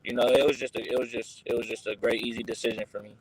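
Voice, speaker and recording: A teenage boy answering interview questions in a laid-back, halting way, with many restarts. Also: medium pitch, flat delivery, a little hiss or hum, rough recording. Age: teens. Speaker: guest, high school football recruit.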